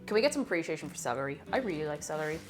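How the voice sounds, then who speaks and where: Rapid-fire and low-voiced, a woman cooks live at home with soft music behind her. She keeps up a chatty stream, reading viewers' messages and greeting them excitedly, sometimes straying from the mic while cooking.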